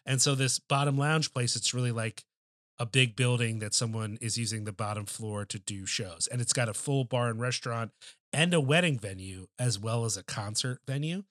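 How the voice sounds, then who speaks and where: A man's voice: medium pitch, normal speed, fairly bright tone, no echo. Man, podcast co-host, casual chat, rambling storyteller, profane, filler-heavy, dry sound.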